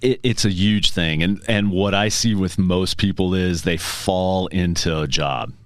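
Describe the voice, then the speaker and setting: A man with a low voice talks casually as a guest on a business podcast, telling stories and acting out his clients in quick exchanges. The sound is dry and close, with no room around it. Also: dry recording. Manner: storytelling, acts out clients in quick dialogue. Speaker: tax preparer, podcast guest.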